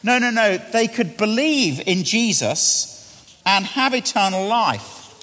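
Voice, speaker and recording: A middle-aged man preaching a sermon, often questioning the congregation and sinking to quiet, hushed lines. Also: sits high, very animated, slow. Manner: asks the congregation questions, drops to quiet near-whispers. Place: church. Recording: long church reverb.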